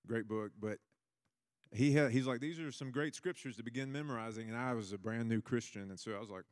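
A man's voice: medium pitch, fairly quick, darkish tone, big-room sound. Casual rambling male preacher. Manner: casual, rambling, with many restarts. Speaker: pastor. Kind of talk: sermon.

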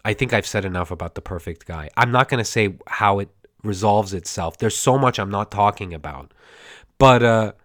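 A man's voice: on the low side, normal speed, a bit bright, no echo, clean studio sound. A man hosting a podcast, recapping a movie in a rambling, digressive way, stammering and acting out the characters' lines, his throat a bit scratchy. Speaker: podcast host.

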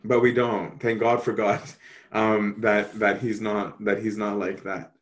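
A man teaching a Bible study, answering questions in an animated way and often checking in with "right?". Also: fairly low pitch, unhurried.

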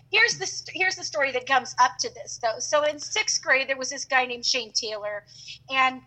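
A middle-aged woman telling a long story in casual chat, animated and acting out the voices of the people in it. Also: high voice, a little fast, rough recording. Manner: animated, acts out quoted voices.

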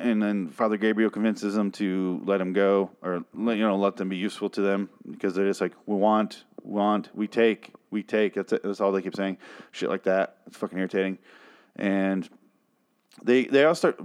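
A man recapping a TV episode in a casual rant, irritated, swearing often and restarting his sentences. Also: on the low side.

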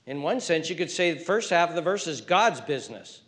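A male pastor preaching a sermon, alternating emphatic raised calls with hushed, whispered passages. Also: a little high, expressive, a little fast, few pauses.

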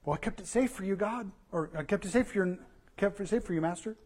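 A man voicing a timid servant who quietly defends having done the bare minimum. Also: high voice, quick pace. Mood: defensive. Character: timid, defensive male servant making excuses.

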